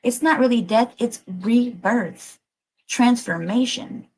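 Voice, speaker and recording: Speaking slowly in a husky, somewhat high voice, a tarot reader livestreams a collective reading, pushing her listeners on with emotional emphasis and offhand profanity. It's a low-quality recording.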